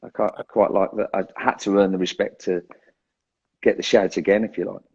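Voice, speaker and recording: A man with a lowish, husky voice talks as an interview guest in easy, self-deprecating chat, laughing at himself and restarting his sentences. His audio sounds muffled and lo-fi. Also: little pitch movement, fairly quick, darkish tone. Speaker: guest drummer.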